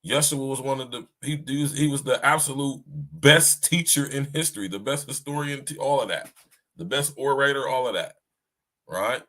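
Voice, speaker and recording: A man's voice: medium pitch, normal speed, bright, forceful tone. A man hosting a podcast and talking casually about faith to his listeners. He often stops to ask "right?", restarts his sentences and repeats himself as he looks for words. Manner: talks to listeners directly, often asks "right?". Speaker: podcast host. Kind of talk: casual spiritual monologue.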